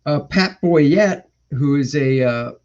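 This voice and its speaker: A cartoonist speaks slowly in a fairly high, slightly mellow voice while hosting a live stream from his home. Casual and rambling, he thinks out loud and mutters to himself, and the stream audio is dull and lo-fi.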